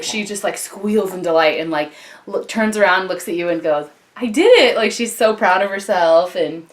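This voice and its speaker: A young woman, a mother and vlogger, chatting casually to the camera at home, with plenty of ums and likes. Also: lowish voice. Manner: chatty, many ums and likes, breaks off to talk to baby. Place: home, indoors. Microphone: camcorder on a tripod.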